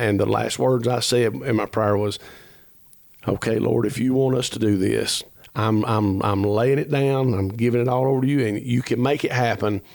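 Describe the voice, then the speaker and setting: A man's voice: fairly low pitch, creaky, no room sound, studio quality. A man, telling a long personal story as a podcast guest, earnest and rambling, acting out the dialogue as he goes. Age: 50s. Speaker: musician guest.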